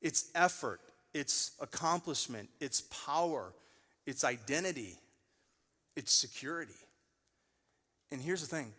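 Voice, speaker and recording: Animated male pastor in a reverberant church. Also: on the high side, a little slow, long pauses. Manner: animated storyteller, acts out quoted voices. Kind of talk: sermon. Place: large church auditorium. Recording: long reverb of a church hall.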